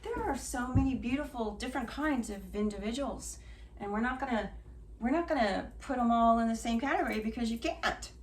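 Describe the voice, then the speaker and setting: A woman's voice: fairly high pitch, fairly quick. A middle-aged woman reading oracle cards in a casual spiritual chat, rambling and emotional and often trailing off and restarting. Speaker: oracle card reader. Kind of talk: casual spiritual channeling talk. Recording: far from mic, faint noise.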